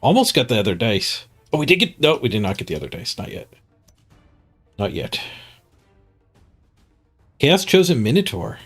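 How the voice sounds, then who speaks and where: A man's voice: medium pitch, very animated, fast talker, hardly any pauses, fairly bright tone, husky, soft background music. A man streaming a game, reading stats and musing casually to himself, a bit stuffed up. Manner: muttering to himself, chuckling at stats. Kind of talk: casual gameplay commentary.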